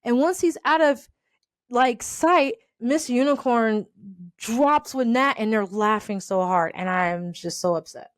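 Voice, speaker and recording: A woman casually telling a personal story, animated and laughing often as she acts out the people in it. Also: fairly high pitch, a little slow, dry recording, clean studio sound.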